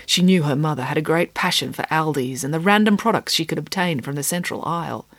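A woman narrating a children's storybook in a lively, animated reading. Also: deep voice, fast, no echo.

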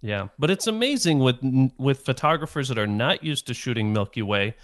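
Man, from Chicago, casual talk, laughing storyteller, middle pitch, dry close mic. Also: fairly quick, no echo. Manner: animated, laughs while telling stories.

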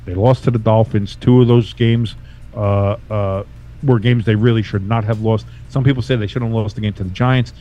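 A man hosting a casual sports podcast, talking loosely and profanely with bursts of animated emphasis. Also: lowish voice, moderate pace, lo-fi sound. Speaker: podcast host.

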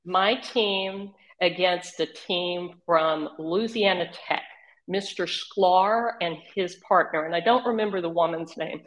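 Older Southern woman with an Oklahoma drawl, slightly low voice, an animated guest who laughs as she tells stories. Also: poor audio. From Northeast Texas region. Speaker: interview guest. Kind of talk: casual storytelling.

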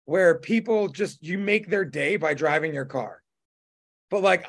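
With a voice that sits high and sounds creaky and a bit bright, a podcast host chats in a casual, rambling manner, full of fillers and restarts.

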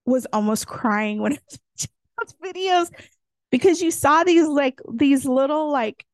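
Her voice sits high and moves at normal speed as she co-hosts a podcast, chatty and animated, her stories laced with fillers. There's no room sound, and the quality is studio-grade.

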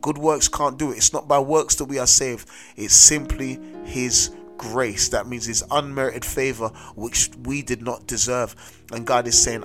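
A man's voice: medium pitch, fairly even intonation, normal speed. Man preaching over music. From South London. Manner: emphatic, repeats "amen" and "listen to me". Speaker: host and street preacher. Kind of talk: sermon-style testimony. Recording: music playing underneath.

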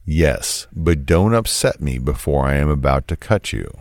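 A man reading the lines of a cold, controlling, menacing man in a flat, commanding way, in a true crime story. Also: a bass voice, moderate pace, no echo.

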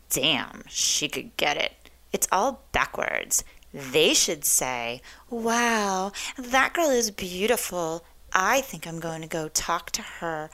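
A woman's voice: fairly low pitch, a bit bright, heavily acted. A woman voicing a gushing young Valley Girl with a sing-song, preachy delivery.

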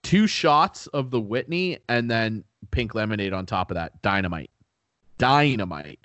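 A man's voice: on the low side, animated, measured pace, a bit bright, no echo. A young man co-hosting a podcast, chatting casually with lots of "like" and "dude" and some swearing. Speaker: podcast co-host. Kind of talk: casual chat.

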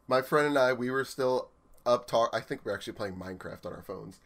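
A man's voice: medium pitch, moderate pace, fairly bright tone. A young man with an ordinary mid-range voice talks casually with a friend. He is wry and easygoing and laughs often. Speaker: podcast co-host. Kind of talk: casual chat.

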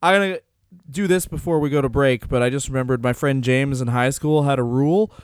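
A man's voice: medium pitch, brisk, clear, resonant tone, dry recording. A man in his thirties co-hosting a comedy podcast, laughing often and joking crudely over a call. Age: 30s. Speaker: podcast co-host. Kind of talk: casual comedy chat. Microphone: remote call mic.

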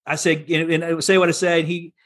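A middle-aged man from Texas tells his story as a podcast guest, and his voice sits a little high for a man. He talks in a candid, casual way and often restarts and repeats words. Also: little pitch movement, a little fast, fairly bright tone.

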